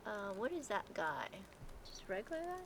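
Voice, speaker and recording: Excitable woman game streamer, lively pitch. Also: moderate pace, heavy background noise. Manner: chatty, excitable, laughs often, talks to chat. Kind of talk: live gameplay commentary.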